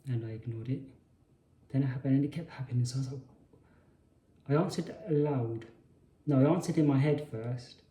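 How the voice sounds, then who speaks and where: Mellow man recounting a memory. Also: medium pitch, fairly quick, long pauses, slight background noise. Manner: hesitant, often restarting and correcting himself. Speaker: spiritual channel host. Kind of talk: personal storytelling monologue. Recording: roomy echo.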